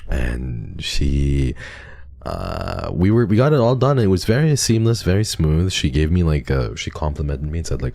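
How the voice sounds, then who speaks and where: A man's voice: sits low, big pitch swings, normal speed, gravelly, warm tone, no echo. A man streaming live, chatting casually and telling a rambling story with lots of restarts. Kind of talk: casual livestream chat.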